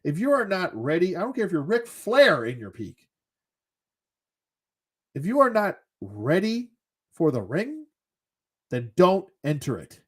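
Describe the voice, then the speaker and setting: A man ranting casually as a show host, sarcastic and exasperated, swearing as he goes. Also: on the high side.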